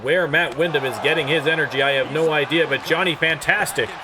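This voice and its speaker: A man calling wrestling play-by-play and hosting the show, rattling off moves and rising to shouts on big hits. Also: a little high, brisk, noisy background. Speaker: play-by-play commentator and show host.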